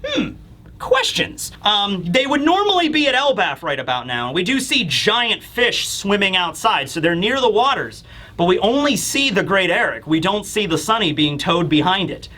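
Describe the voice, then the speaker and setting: A man's voice: sits high, very animated, moderate pace, bright, forceful tone. A man giving a casual, rambling comic-chapter review with many fillers, acting out characters as he goes. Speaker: manga reviewer.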